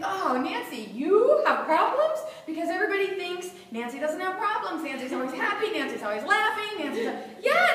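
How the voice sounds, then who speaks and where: A middle-aged woman giving a motivational talk to a live audience, animated and laughing often as she acts out inner voices. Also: high voice, slight background noise. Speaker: motivational speaker. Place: seminar room with audience. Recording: echoey hall, voice from far off.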